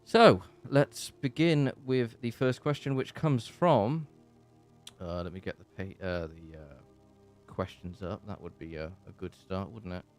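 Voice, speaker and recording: A man's voice: sits low, a little slow, soft background music. A man with an English accent hosting a casual live-stream Q&A from his bedroom. He rambles and chats with lots of fillers and restarts, and he is hot and sweaty. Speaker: channel host.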